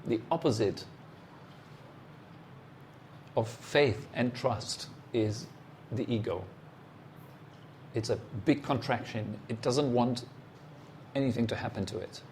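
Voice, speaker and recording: Gravelly-voiced guy teaching meditation, slow, asks you stuff straight out, faint noise behind. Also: mid-range voice, a little mellow. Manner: questions the listener directly and challenges them; short, unhurried phrases with pauses. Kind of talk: meditation talk.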